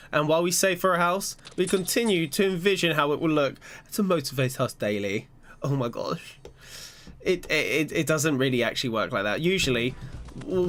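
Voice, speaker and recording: Young male streamer, higher voice, rambly and self-mocking, faint music underneath. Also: fairly bright tone. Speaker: gaming streamer. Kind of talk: live-stream chat while gaming.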